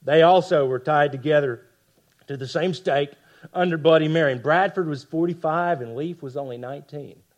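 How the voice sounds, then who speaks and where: A man preaching a sermon with passion, dropping to hushed lines for emphasis and tossing rhetorical asides to the congregation. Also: on the high side, normal speed. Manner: impassioned, swings from loud emphasis to hushed lines. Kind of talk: expository sermon.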